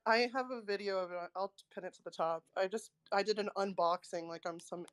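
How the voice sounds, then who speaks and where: A woman's voice: mid-range voice, fairly quick, no echo. A woman in a casual online chat, joking about herself and laughing easily. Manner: self-mocking, laughing, joking. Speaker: participant in a crypto audio chat.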